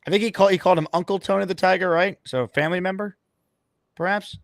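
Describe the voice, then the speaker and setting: A man's voice: high voice, fairly even intonation, fast, dry recording, studio quality. A man hosting a sports call-in show, taking calls with upbeat, dryly joking patter. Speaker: host.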